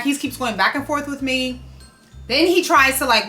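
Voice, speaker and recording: A woman, telling a story to the camera in an animated, indignant way and repeating herself for emphasis. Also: high voice, normal speed, faint music behind. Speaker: fashion vlogger.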